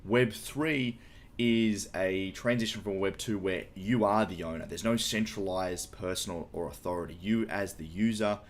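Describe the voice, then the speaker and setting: A man's voice: deep voice, moderate pace. A man who is a podcast guest, explaining a topic in casual, enthusiastic talk with light swearing.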